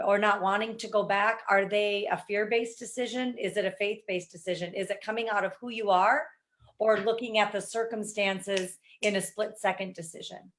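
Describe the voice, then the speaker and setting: Earnest woman co-teacher, mid pitch. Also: fairly bright tone. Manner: earnest, with fillers like "um, you know". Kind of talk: conversational teaching.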